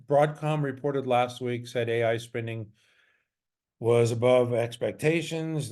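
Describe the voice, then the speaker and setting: A man's voice: mid-range voice, warm tone. A man who trades stocks, casually walking through his trades and charts in a loose, chatty way with frequent fillers and self-corrections.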